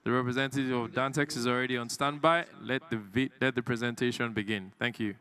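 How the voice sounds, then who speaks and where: A man's voice: mid-range voice, steady tone, fast talker, pushed and bright. A man, emceeing a live industry event in a playful, teasing way. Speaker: event master of ceremonies.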